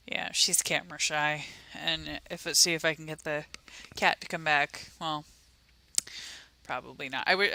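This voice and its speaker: A woman's voice: deep voice, sharp tone. A woman hosting a casual livestream, chatting and talking sweetly to her pets. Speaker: livestream host.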